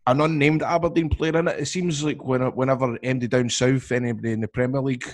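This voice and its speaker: A man's voice: medium pitch, fairly even intonation, quick pace. Scottish man in jokey football banter. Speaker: podcast co-host. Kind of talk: casual football chat.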